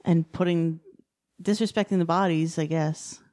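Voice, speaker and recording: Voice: mid-range voice, fairly even intonation, moderate pace, a little mellow. A podcast co-host chatting casually about a film, giving short agreeing replies and adding scene details. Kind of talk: casual movie recap chat.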